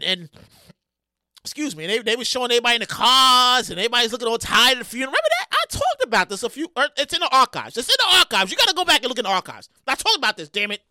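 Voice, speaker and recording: Woman around 40 ranting on her podcast, high voice all over the place, yells and cusses a lot. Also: no echo, clean studio sound. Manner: loud, excitable, yells and swears often. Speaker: podcast host. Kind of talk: animated solo commentary.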